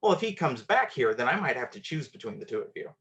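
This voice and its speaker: A man's voice: mid-range voice, big pitch swings, quick pace, a bit bright, dull audio. A man voicing his blasé teenage girlfriend in a casual, offhand drawl while telling a story.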